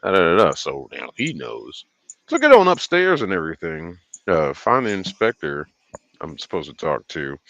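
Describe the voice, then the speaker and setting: A man's voice: sits low, wildly swooping pitch, normal speed, gravelly, a bit bright, dry recording, highs cut off. A man hosting a livestream, telling a casual, profane, rambling story and laughing often. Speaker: livestream host.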